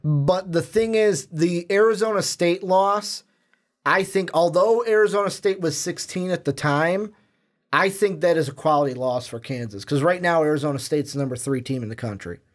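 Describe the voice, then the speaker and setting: A man's voice: a little high, normal speed. A man co-hosting a casual sports podcast, chatty and jokey as he talks through games and picks. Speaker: podcast co-host.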